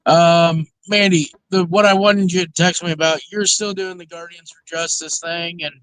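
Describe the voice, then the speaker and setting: Easygoing man, slightly high voice. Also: steady tone, moderate pace, a bit bright, clean tone, no room sound, rough recording. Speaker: guest. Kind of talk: casual chat.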